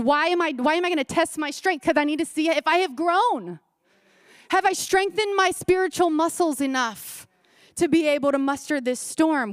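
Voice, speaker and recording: High-voiced woman pastor preaching emphatically. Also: no echo, studio quality. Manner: emphatic, repeats phrases, asks the crowd rhetorical questions. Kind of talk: sermon. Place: church service.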